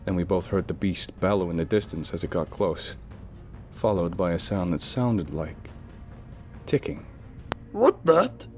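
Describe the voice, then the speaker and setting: A man's voice: sits low, normal speed, darkish tone, soft background music. A man narrating a first-person horror story in a dramatic, lurid style.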